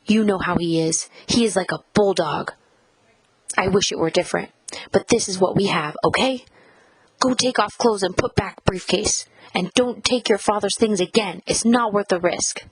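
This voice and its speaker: A woman's voice: mid-range voice, moderate pace, breathy edge, no echo, close to an everyday voice, poor audio. A woman voicing a stern, frightened immigrant mother who scolds her child in a scream-whisper.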